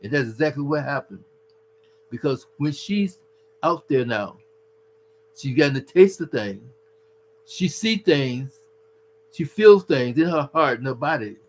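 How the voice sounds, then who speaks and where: A man's voice: mid-range voice, lively intonation, a little slow, pauses often, rough recording. A man giving earnest, preachy relationship advice to husbands, calling the listener his brother. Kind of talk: casual advice talk.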